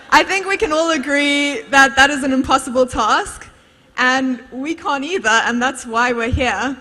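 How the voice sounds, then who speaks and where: A woman's voice: high voice, measured pace, pushed and bright. A young woman presenting from a stage, teasing the crowd in an upbeat, playful quiz. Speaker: student presenter at a congress. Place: large conference hall. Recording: long reverb of a large hall.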